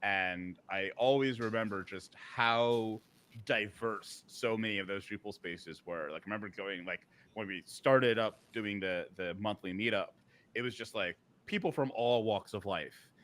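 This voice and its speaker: A man's voice: lowish voice, unhurried, fairly bright tone. A man co-hosting a live podcast in casual chat, telling a long story with many fillers, restarts and a few laughs. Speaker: podcast co-host. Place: live podcast recording at a conference.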